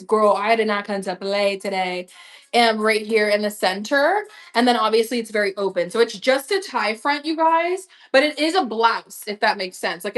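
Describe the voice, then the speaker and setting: A woman's voice: on the high side, fairly bright tone. A young woman chatting bubbly and slangy as she sells clothes on a live stream, often breaking into giggles. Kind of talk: casual live-sale chat.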